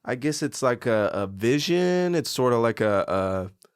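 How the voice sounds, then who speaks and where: A man's voice: medium pitch, very animated, measured pace, clean tone, dry recording, clean studio sound. A young man guesting on a casual movie review chat, reacting with enthusiastic, slangy jokes. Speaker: podcast guest.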